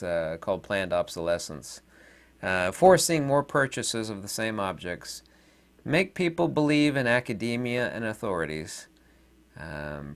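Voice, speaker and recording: A man rambling to camera in a casual monologue, pausing often on fillers and trailing off quietly. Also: medium pitch. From Southern United States. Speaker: video commentator.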